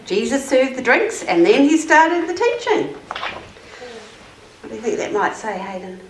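Animated woman telling a children's story. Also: on the high side, unhurried. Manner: animated, expressive, asking the children questions. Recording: roomy, distant mic, faint noise.

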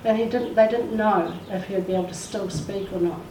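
Speaking fairly quickly at medium pitch, a woman shares her testimony at church, turning it into an emotional story and acting out quoted voices. Her intonation stays fairly even and her tone is dark. She's recorded from afar in a reverberant room, with faint noise.

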